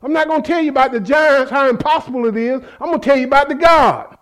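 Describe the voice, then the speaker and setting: A man with a very high, somewhat bright voice preaches fast. The sermon is fervent and conversational, full of repeated phrases and shout-outs to the congregation in call-and-response style.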